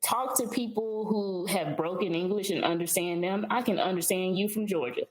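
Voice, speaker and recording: A woman's voice: medium pitch, normal speed. A woman military leader on a podcast panel, speaking in a firm, emphatic way. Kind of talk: casual panel chat. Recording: roomy echo.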